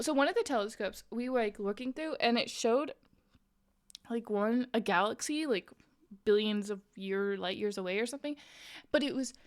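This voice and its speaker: A young woman streamer telling a story in casual chat, rambling with lots of "like" and "um" and laughing often. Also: a little high. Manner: chatty, rambling, full of "like" and "um".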